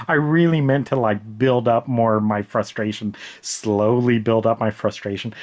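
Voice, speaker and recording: A man's voice: mid-range voice, expressive, unhurried. Exasperated man ranting about a book. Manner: exasperated, repeatedly insulting a character; casual, many filler words. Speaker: book reviewer.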